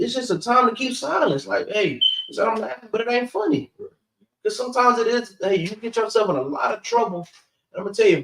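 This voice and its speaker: A high-voiced scripture class teacher gives street-style Bible teaching in loose language, peppering every point with "guess what" and "man." He's recorded from across an echoey room, so the sound is roomy and distant.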